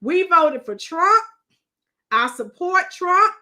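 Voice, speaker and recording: High, bright-voiced middle-aged woman chatting. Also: sing-song, slow pace. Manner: chatty, greets commenters, breaks into song. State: voice strained from shouting. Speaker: livestream host. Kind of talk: casual livestream commentary.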